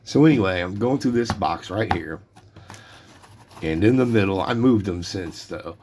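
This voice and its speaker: A man's voice: low-pitched, expressive, moderate pace, noisy background. A middle-aged man casually telling a rambling story about collecting trading cards, full of fillers and restarts. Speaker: card collector vlogger.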